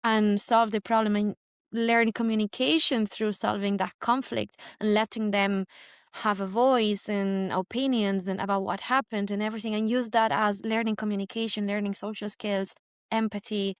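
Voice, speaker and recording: Smooth-voiced woman hosting a podcast. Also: medium pitch, fairly even intonation, moderate pace, no echo, studio quality. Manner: earnest, long run-on sentences. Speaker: podcast host. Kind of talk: casual interview conversation.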